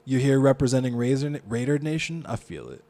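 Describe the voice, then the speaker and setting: A man's voice: mid-range voice, expressive, brisk. A man with a Baltimore accent, streaming live, reading a news story aloud and reacting to it with a lot of swearing. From Baltimore, United States. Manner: profane, reacts loudly to what he reads.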